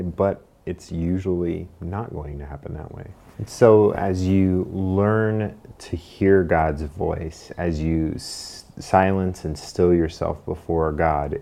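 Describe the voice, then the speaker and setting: A male pastor giving a calm, measured teaching sermon. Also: sits low, vocal fry.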